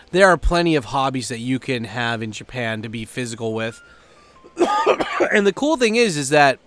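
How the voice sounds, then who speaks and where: A man's voice: medium pitch, a bit bright, clean tone, dry recording. A man vlogging in a loose, rambling way, swearing freely and leaning on fillers. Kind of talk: casual chat to camera.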